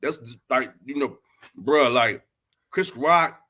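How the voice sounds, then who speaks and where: A man's voice: mid-range voice, lively intonation, slow pace, bright, forceful tone. A man from Atlanta, a podcast host talking as a guest in a casual chat, blunt and emphatic, with streetwise slang. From Atlanta, Georgia, US.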